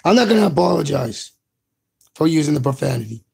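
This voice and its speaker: A man's voice: fairly high pitch, sing-song, a little fast, vocal fry, darkish tone, breathy edge. A man delivering an impassioned, profane video rant as a commentator. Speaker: political commentator.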